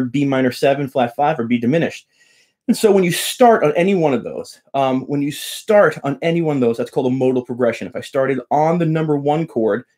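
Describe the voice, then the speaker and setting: A man's voice: mid-range voice, a little mellow. Chatty man hosting a guitar live stream. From Long Island, New York. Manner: chatty and joking, greets viewers by name. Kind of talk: casual live-stream lesson and chat.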